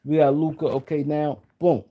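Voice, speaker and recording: A man's voice: on the high side, little pitch movement, normal speed, highs cut off. A man hosting a casual live-stream sports talk show, rambling and repeating himself as he talks to viewers in the chat.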